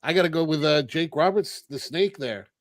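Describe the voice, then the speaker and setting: A man on a panel with a fairly high voice, recorded close and dry. He reads out chat questions in an easygoing way and trails off as he thinks. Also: moderate pace, dry recording.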